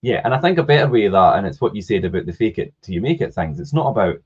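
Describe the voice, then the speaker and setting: A man's voice: on the low side, big pitch swings, racing, slightly rough. A man co-hosting a podcast in casual chat, mostly chiming in to agree and sum up. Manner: agreeable, chiming in with short responses. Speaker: podcast co-host. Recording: dull lo-fi podcast audio.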